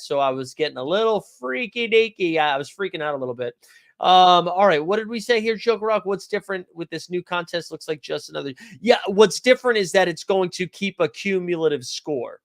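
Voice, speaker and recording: A man's voice: on the high side, a bit bright. A man hosting a fantasy basketball livestream, chatting loosely and jokingly, greeting viewers by name from the comments. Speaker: fantasy sports livestream host. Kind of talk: casual livestream chat reading viewer comments.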